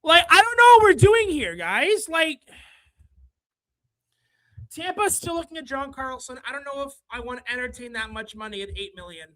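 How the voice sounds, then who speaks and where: A livestream host ranting through casual hockey chat, exasperated, apologizing to viewers, then breaking into shouting. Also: high voice, big pitch swings, rough recording. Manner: quick, run-on talk with apologies to viewers.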